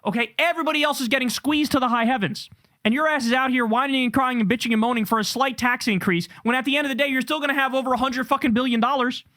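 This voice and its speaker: A man's voice: very high voice, fast, sharp tone. A man hosting a political show, ranting angrily with heavy swearing. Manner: heated, profane, ranting. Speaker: political commentator host. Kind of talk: angry political rant.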